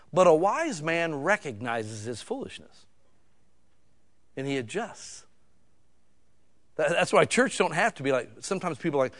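Man, middle-aged, pastor, folksy sermon, slightly high voice, loud emphatic bursts. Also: expressive, normal speed, pauses often.

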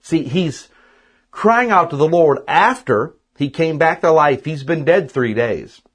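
A man's voice: on the high side, lively intonation, a little slow, husky. A man teaching a casual sermon on a Bible passage, chatty and conversational, often tossing in "man" and "right?". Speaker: preacher.

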